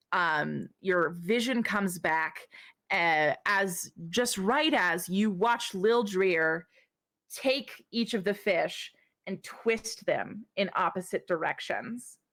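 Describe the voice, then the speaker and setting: A woman narrating a tabletop game as game master, describing scenes slowly with many fillers. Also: mid-range voice, a bit bright, dry recording.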